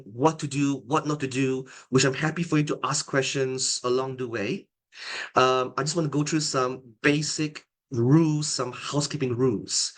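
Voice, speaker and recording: A middle-aged man teaching an online exam-preparation lecture as a tutor and examiner, calm and deliberate, often restarting his phrases. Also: medium pitch.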